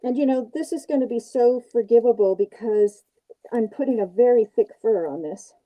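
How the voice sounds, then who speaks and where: A woman's voice: a little high, moderate pace, warm tone, rough recording. An older woman hosting a crafting livestream, chatting casually and self-deprecatingly as she works on a puppet. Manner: chatty, self-deprecating, narrates her work as she goes. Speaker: puppet maker and livestream host. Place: porch outdoors, then home workshop.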